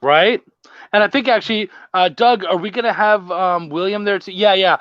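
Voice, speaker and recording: A loud, gregarious man with a rather high voice tells rowdy, profane stories in a casual chat. His voice sounds close and dry, with a slightly dull, lo-fi tone. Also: normal speed, smooth, no room sound. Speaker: podcast host.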